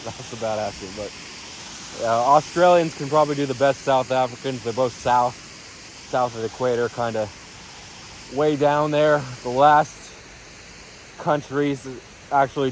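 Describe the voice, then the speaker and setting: A man's voice: fairly high pitch, slight background noise. A man rambling offhandedly in a casual crypto vlog, swearing now and then. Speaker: crypto vlogger.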